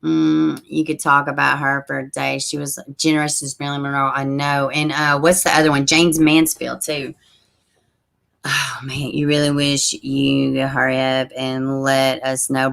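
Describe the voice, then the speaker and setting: A woman hosting a casual livestream, chatting straight to her viewers and reading their comments aloud, with soft asides under her breath. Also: very deep voice, unhurried, creaky. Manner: frequent soft asides while fiddling with links. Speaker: livestream host.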